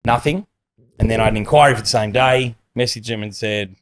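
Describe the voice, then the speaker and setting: A man's voice: fairly low pitch, a little fast. A man, a podcast host telling rambling anecdotes in casual chat and acting out the people in them.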